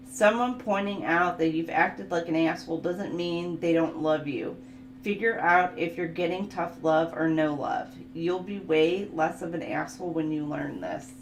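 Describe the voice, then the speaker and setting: In a room that echoes over a constant hum, a woman tarot reader goes through an oracle card reading without hurrying. Her voice is on the low side with a gravelly, creaky texture, and she chats easily, reading card text aloud and frequently breaking into laughter.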